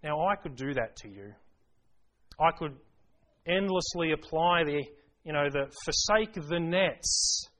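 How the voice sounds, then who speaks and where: A man's voice: fairly high pitch, animated, takes it slowly, fairly bright tone. A man preaching a sermon, earnest and emphatic, putting rhetorical questions to his congregation.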